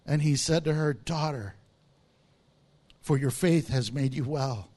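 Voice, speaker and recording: A man's voice: fairly high pitch, unhurried, a little mellow. A man preaching a sermon, explaining words from the text and acting out the voices of people in the story. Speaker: pastor.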